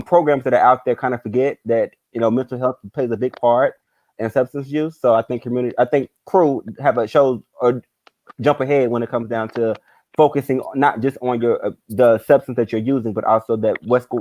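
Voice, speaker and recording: A man's voice: mid-range voice, dry recording, muffled recording. A man hosting a casual talk show, rambling with many ums and restarts. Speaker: podcast host. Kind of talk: casual chat.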